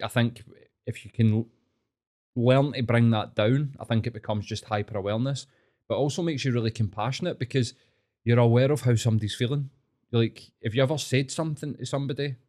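A man's voice: medium pitch, darkish tone. A man, casually explaining ideas and swearing now and then.

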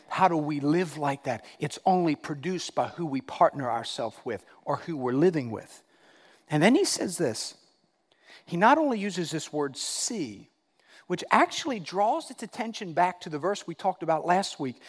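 High-voiced male pastor preaching in a hall. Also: big pitch swings, normal speed. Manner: emphatic, repeats key phrases, swings from loud to hushed. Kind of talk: sermon.

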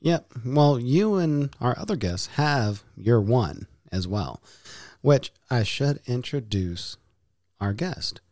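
A man's voice: mid-range voice, expressive, slow, darkish tone, no room sound, clean studio sound. A man hosting a casual podcast, playful, with hammy announcer-style flourishes. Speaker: podcast host.

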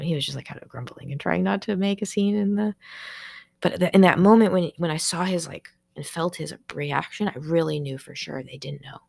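A young woman talks alone on her podcast, her voice low-pitched and thick with vocal fry. She rambles and restarts, leaning on "like" as she works through something emotional. The sound is close and dry, with no room around it. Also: a little fast, darkish tone, dry recording. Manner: emotional and rambling, heavy with filler "like"; searching, restarting sentences while processing aloud. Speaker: podcast host. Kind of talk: personal podcast monologue.

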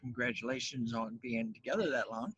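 A man hosting an interview, soft-spoken and brief in his remarks. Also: medium pitch, brisk, husky, dry recording, muffled recording. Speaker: podcast host. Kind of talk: casual interview.

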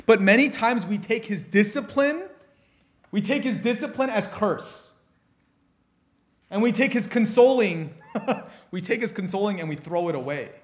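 Animated, slightly high-voiced male preacher. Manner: animated storytelling with frequent restarts. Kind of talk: sermon.

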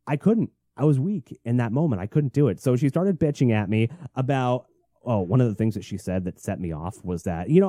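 A young man rambles through a late-night solo podcast, venting his frustrations and swearing freely. His voice is dark and mellow, recorded dry and close with no room sound. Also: medium pitch, no echo. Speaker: podcast host.

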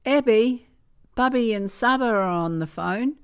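A woman voicing a polite mother who sounds quietly worried on the phone. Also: lowish voice, unhurried, clear, resonant tone, pitched above the performer's own voice, natural voice.

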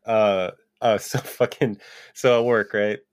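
A man's voice: fairly low pitch, fairly even intonation, slow pace, clear, resonant tone, no echo. A young man co-hosting a podcast, telling stories in a loose, rambling way, swearing and laughing often. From Japanese-American. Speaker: podcast co-host. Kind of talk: casual chat, storytelling.

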